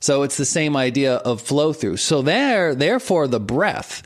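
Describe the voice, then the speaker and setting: A man in his forties, a guest on an interview show, teaching with lively examples and frequent laughter. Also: medium pitch, a little slow. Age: 40s. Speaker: martial arts and meditation teacher, guest. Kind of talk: explanatory interview talk.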